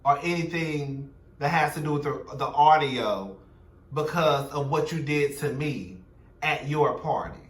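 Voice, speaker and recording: A man's voice: on the high side, measured pace, roomy sound, distant mic. A young man giving a sassy, blunt, profane recap of a reality TV episode, gossiping and quoting the cast. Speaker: show recap commentator.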